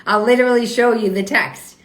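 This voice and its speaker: A woman's voice: fairly high pitch, fairly even intonation, brisk, fairly bright tone. A woman hosting a live online talk show, arguing with her viewers in a confrontational, profane, indignant way. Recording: roomy echo.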